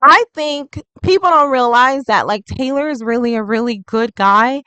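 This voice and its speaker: Chatty woman tarot reader, higher voice. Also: normal speed, pushed and bright, clear, resonant tone, no echo, low-quality recording. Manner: chatty and rambling, heavy use of "like". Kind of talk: casual tarot reading vlog.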